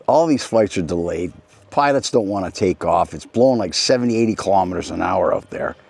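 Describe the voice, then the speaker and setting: Brief: middle-aged male host, low voice, loose anecdotal storytelling with restarts. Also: fairly quick, vocal fry, darkish tone. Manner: rambling, anecdotal, with frequent restarts and asides. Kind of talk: casual rambling monologue.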